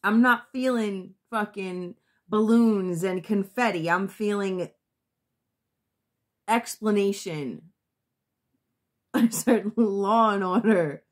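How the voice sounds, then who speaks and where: A tarot reader does a casual reading for her viewers, blunt and occasionally profane, thinking out loud and restarting sentences. Her voice is mid-range, and she takes it slowly with long pauses.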